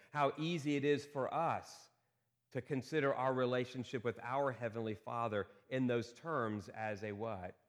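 A man's voice: lowish voice, long reverb tail. A man preaching a sermon as pastor, often asking his congregation rhetorical questions. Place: church sanctuary.

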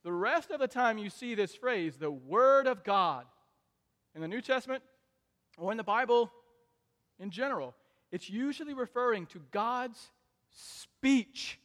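Brief: high-pitched male preacher, dynamic sermon delivery, long hall reverb. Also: lively intonation, measured pace, long pauses. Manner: dynamic delivery, swings between soft asides and loud emphatic peaks.

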